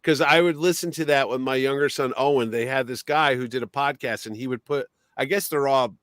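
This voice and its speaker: A middle-aged man hosting a casual chat show, animated, breaking into impressions and swearing. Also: mid-range voice, brisk, no room sound, studio quality. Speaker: podcast host.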